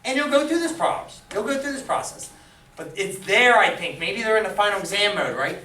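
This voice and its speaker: A fairly high-voiced male math teacher lectures to his class, tossing questions at the students to keep them engaged. He is heard from across an echoey classroom, with faint room noise behind him. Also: a little fast, far from the mic. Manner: lively, quizzes students, animated. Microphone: camera far from the speaker.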